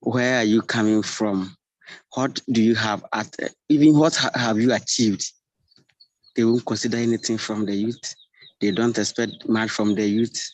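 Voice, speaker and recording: A man's voice: fairly low pitch, steady tone, moderate pace, no echo, low-quality recording. A young man from Ghana, a church youth leader earnestly sharing his thoughts in class and sometimes searching for words.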